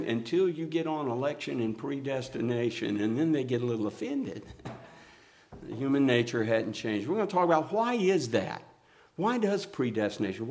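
A male pastor preaching a sermon, reading scripture slowly and building emphasis as he goes. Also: medium pitch.

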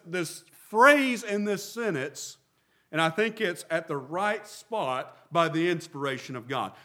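A man's voice: high-pitched, a bit bright. A middle-aged man preaching a sermon as a pastor, asking rhetorical questions and repeating phrases for emphasis.

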